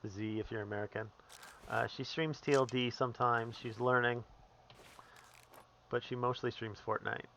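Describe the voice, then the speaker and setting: A man's voice: medium pitch, steady tone, normal speed, pauses often, bright, forceful tone, a little hiss or hum. A man from Northern Canada, chatting with his viewers as he streams a survival game. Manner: chatty, answering chat while playing. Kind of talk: live gameplay commentary.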